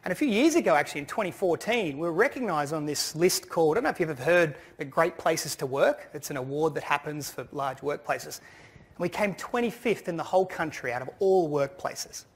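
Male conference speaker, husky tone, swinging pitch, storytelling delivery. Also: lively intonation, brisk. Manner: storytelling, quotes his children. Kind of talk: anecdotal conference speech. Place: conference hall stage.

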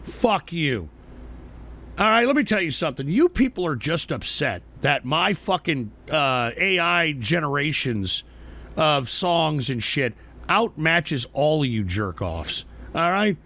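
A man's voice: on the high side, sing-song, a little slow, sharp tone. A man hosting a call-in show, swearing and ranting at trolls while taking shots on air. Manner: rowdy, swearing, mock-rants at trolls. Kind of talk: profane call-in show banter.

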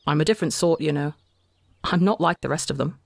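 Weary, gentle young forest god for an audio story, read by a man, soft and wistful. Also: a little high, fast talker, creaky, no echo, clean studio sound.

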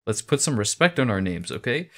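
A man's voice: mid-range voice, sing-song, fairly quick, heavy background noise. A man giving casual reaction commentary on a rap song, chatting and breaking down the rhymes and wordplay. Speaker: music reaction streamer.

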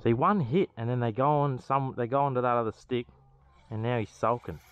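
An Australian man giving casual, excitable running commentary while fishing outdoors, swearing freely and talking to the fish. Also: mid-range voice, fairly quick, smooth, highs cut off. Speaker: fishing vlogger.

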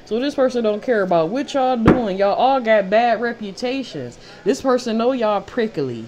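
A woman's voice: mid-range voice, big pitch swings, normal speed, few pauses, background noise. A woman giving a casual tarot reading who talks bluntly, swears freely and repeats phrases for emphasis. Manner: blunt, profane and fired up. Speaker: tarot reader.

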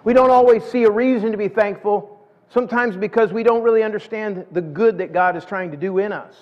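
In a church sanctuary, a middle-aged male pastor delivers a homespun sermon, his quick voice sitting high as he circles back over words to build his argument. The audio is muffled and carries lengthy hall reverb.

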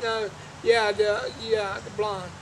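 A man's voice: high voice, little pitch movement, slow pace, a bit bright, a little hiss or hum, low-quality recording. A man co-hosting a casual talk show, chiming in with short remarks in loose, slangy grammar. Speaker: co-host. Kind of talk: casual banter.

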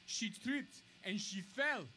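A man playing a sheepish recovering male vampire in a comedy sketch, halting and fumbling for words. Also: extremely high pitch, bright, forceful tone, a little hiss or hum, exaggerated voice. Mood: rambling.

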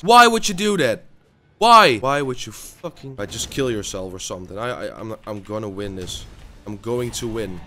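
Swearing gamer dude yelling at his match, voice jumps all over, bright edgy tone, faint music behind. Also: fairly low pitch, very animated, a little slow. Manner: swears constantly, raging at opponents, stammering repeats. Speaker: gaming YouTuber. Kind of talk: live gameplay commentary.

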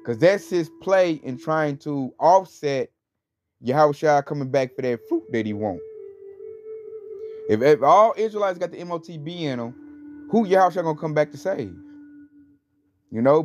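A man's voice: a little high, lively intonation, normal speed. A man giving an informal religious talk in a rambling, conversational way, full of fillers and scornful emphasis. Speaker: religious teacher. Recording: dull lo-fi recording with faint music.

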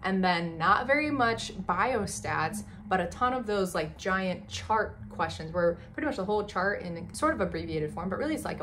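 Chatty young woman vlogger, faint background noise. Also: lowish voice. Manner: chatty and animated, with lots of fillers and voiced asides. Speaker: medical student vlogger. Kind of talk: casual storytelling to camera.

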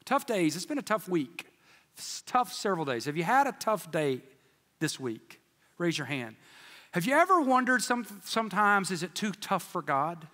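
A man preaching a sermon in a large church, telling jokes and stories in a folksy, animated way. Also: high voice, moderate pace. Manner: joking storyteller, folksy and animated. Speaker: pastor. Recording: reverberant church hall.

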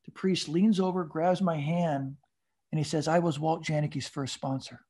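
A man in his fifties, a podcast guest telling his recovery story in an animated way, often repeating words as he restarts and laughing as he goes. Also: on the high side, normal speed, husky.

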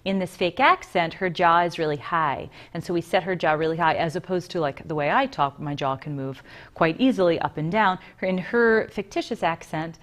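Low-voiced woman explaining voice work. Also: normal speed, fairly bright tone. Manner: detailed, explanatory. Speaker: voice coach. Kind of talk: interview answers.

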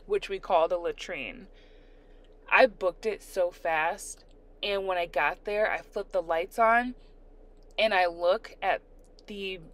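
A young adult woman casually telling a story while doing her nails, animated and laughing as she re-enacts her own panic. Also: mid-range voice. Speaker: storyteller, nail art vlogger.

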